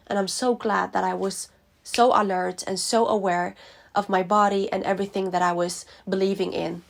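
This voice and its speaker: Woman vlogger, gravelly voice, heartfelt, hesitant, personal storytelling. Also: medium pitch, little pitch movement, moderate pace.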